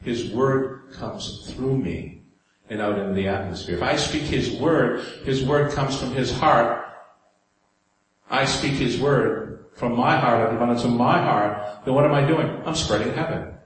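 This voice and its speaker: A man with a New York accent and a mid-range voice preaches a conversational sermon, speaking a little slowly. He puts rhetorical questions to the congregation. The hall is very echoey, with faint room noise.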